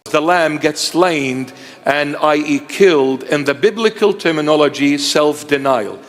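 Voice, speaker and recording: A man in his fifties preaching a sermon in a high voice, slow and emphatic, returning to his key lines again and again. His words ring out in a long hall echo. Faint music sits beneath him.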